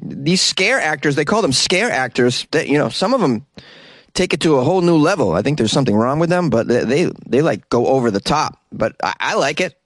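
A man hosting a comedic news commentary, reacting sarcastically to stories and tossing in jokes and quick asides. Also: fairly high pitch, expressive, no room sound. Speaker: host.

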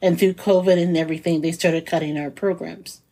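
A woman's voice: lowish voice, fairly even intonation, a little fast, mellow. A woman co-hosting a podcast, laughing easily in casual chat and recapping a news story for her co-host.

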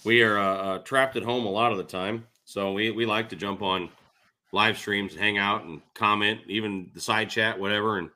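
A man chatting casually as an interview guest, an animated storyteller who laughs often. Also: on the low side, moderate pace. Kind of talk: casual chat.

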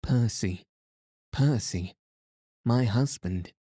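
A man's voice: fairly low pitch, slow pace, warm tone, dry recording, clean studio sound. A man voicing a frantic young aristocratic wife, pleading and breathless, in a storybook reading. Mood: tender.

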